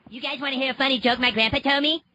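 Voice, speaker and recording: A bratty, foul-mouthed cartoon boy races through a joke with gleeful glee. The voice is high and bright, with a husky edge. It comes through as a dull, lo-fi clip played on air. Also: fairly even intonation. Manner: gleeful, rapid, high-pitched storytelling.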